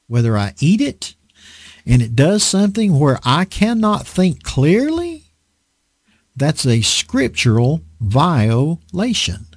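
Guy preaching a chatty sermon, fairly high voice that jumps around a lot, asks the crowd questions. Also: no echo, studio quality. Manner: animated, asks the audience rhetorical questions. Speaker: preacher teaching a Bible lesson. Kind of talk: conversational sermon.

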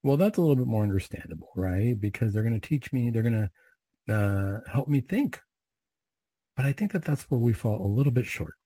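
A man leading Catholic prayers and giving an unhurried, reflective, conversational homily. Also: mid-range voice, lively intonation, dark tone, no room sound.

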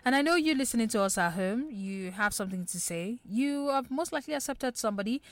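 Nigerian woman, radio host, lively and conversational, dry close studio sound. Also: a little high, quick pace, no room sound. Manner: lively, chatty, addresses listeners directly. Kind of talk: casual radio talk show chat.

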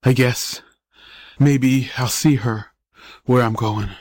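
A man reading the part of a frail, dying young boy who speaks in soft, halting whispers. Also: mid-range voice, fairly even intonation, dry recording. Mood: weak, tender. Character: dying young boy, weak, brave, faintly cocky.

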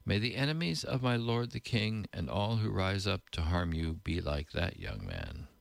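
Brief: dutiful court messenger read by a man, lively pitch, dry close sound. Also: moderate pace, creaky, no room sound, heavily acted. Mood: formal. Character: formal male servant bringing battle news.

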